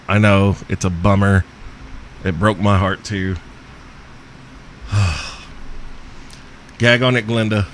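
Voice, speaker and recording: A man's voice: medium pitch, a bit bright, a little hiss or hum. A man hosting a podcast, answering listener questions in a crude comedic rant, profane and joking with frequent chuckles. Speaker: podcast host.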